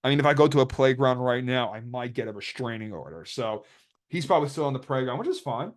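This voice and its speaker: A man's voice: mid-range voice, lively intonation, fast talker. Rambling young man commentating replays. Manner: rambling, joking, quotes others in put-on voices. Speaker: YouTuber narrating card game replays. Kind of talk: casual commentary over gameplay.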